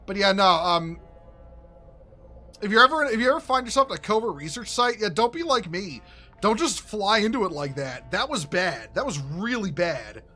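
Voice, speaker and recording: A man giving casual, rambling commentary while playing a game, excitable and swearing, often restarting his sentences. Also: high voice, moderate pace, soft background music. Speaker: gaming streamer.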